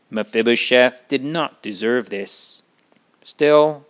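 Male storyteller, Bible story narration, slow and earnest, smooth clear voice. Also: mid-range voice, a bit bright. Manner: slow, earnest, moralizing asides.

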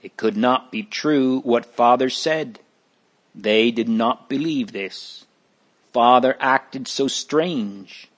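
A man reads a storybook chapter aloud, taking his time over each phrase. His pitch sits in the middle range and his delivery is plain and deliberate. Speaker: narrator. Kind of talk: storybook narration.

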